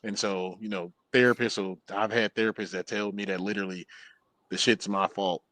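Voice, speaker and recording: Casting note: low-voiced army veteran, earnest and candid, dry close sound. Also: male voice, flat delivery, brisk, fairly bright tone, no room sound. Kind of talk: casual chat.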